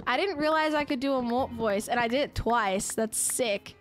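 A woman's voice: on the high side, normal speed, few pauses, faint music behind. A woman streaming a game, chatting casually and giggling with her viewers. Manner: chatty, giggly, talking to chat. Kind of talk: casual live-stream chat.

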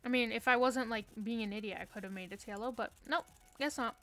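A woman's voice: on the high side, fast, a bit bright. A young woman streaming a game from her room, chatting casually with playful, self-mocking trash talk. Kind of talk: casual live-stream chat while gaming.

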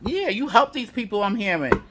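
A man's voice: high-pitched, big pitch swings, moderate pace, noisy background. A man giving a tarot reading to viewers, heated and profane, piling up repeated affirmations. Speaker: tarot reader.

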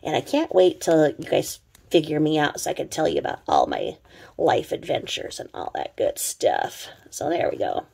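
A woman's voice: deep voice, wildly swooping pitch, moderate pace, vocal fry, darkish tone, slightly rough. A middle-aged woman with a slightly sore throat, rambling in casual, sarcastic commentary full of fillers. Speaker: commentary vlogger.

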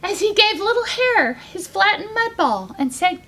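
Animated high-voiced woman reading storytime. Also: moderate pace, hardly any pauses. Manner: animated, coaxing kids to join in. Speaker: children's book author.

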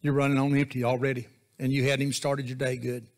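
A man's voice: medium pitch, level tone, fast talker. A man preaching a sermon as associate pastor, in a folksy, joking, conversational way.

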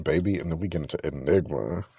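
A man hosting a casual solo podcast, gushing with excitement and swearing freely. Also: a bass voice, fast, breathy edge, no echo, studio quality. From not from Texas. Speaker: podcast host.

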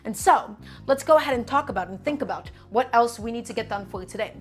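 A woman's voice: a little high, expressive, quick pace, soft background music. A woman from Brooklyn, hosting a live cooking stream from her home kitchen and chatting with viewers as she works. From Brooklyn, New York. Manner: chatty, talks to chat as "guys" while cooking.

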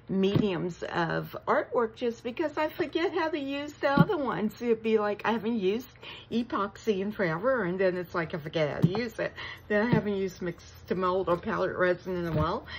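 A woman, vlogging an unboxing with gushing, breathless excitement and frequent gasps. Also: mid-range voice, background noise. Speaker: crafting vlogger. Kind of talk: unboxing vlog chat.

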